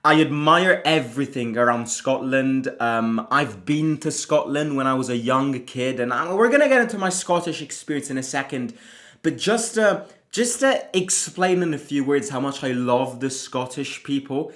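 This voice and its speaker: A man with an Italian accent, a native Italian speaker, hosting a football fan channel in an excitable, chatty way with frequent restarts. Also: mid-range voice, moderate pace. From Italy. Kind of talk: casual fan vlog chat.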